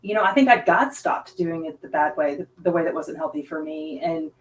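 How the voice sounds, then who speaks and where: A woman speaks in a fairly low voice, a bit off-mic. She chats on a casual podcast in an earnest, reflective way. She is a hairdresser talking shop with her co-host. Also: brisk, distant mic, low-quality recording. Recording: slightly off-mic.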